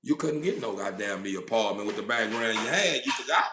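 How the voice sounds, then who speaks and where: A man's voice: fairly low pitch, expressive, fairly quick, sharp tone, slight background noise. A man delivering a blunt, profane, impassioned monologue about God, acting out God and doubters in turn. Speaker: informal preacher. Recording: roomy echo.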